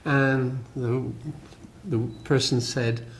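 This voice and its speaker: A man's voice: mid-range voice, level tone, drawn-out words, a little hiss or hum. An older man with a West Country accent giving a public lecture, rambling and dryly self-deprecating. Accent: West Country English. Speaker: guest lecturer. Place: lecture hall.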